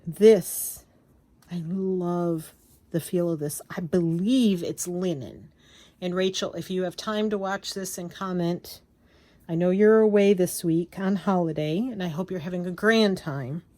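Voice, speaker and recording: A woman vlogger showing off craft papers and fabrics in a gushing, excitable, casual chat, often trailing off and restarting. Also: fairly low pitch, a little slow, no room sound. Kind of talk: casual show-and-tell chat.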